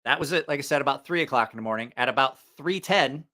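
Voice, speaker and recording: Bright-voiced, rambling live-stream host, a man. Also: medium pitch, fast talker. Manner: rambling, profane, laughs at his own stories. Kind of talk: casual storytelling on a live stream.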